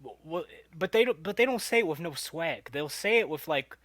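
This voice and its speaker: A young man co-hosting a podcast, chatting casually, animated and laughing often as he acts out quotes. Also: a little high, fairly quick, dry recording. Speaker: podcast co-host. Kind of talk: casual chat.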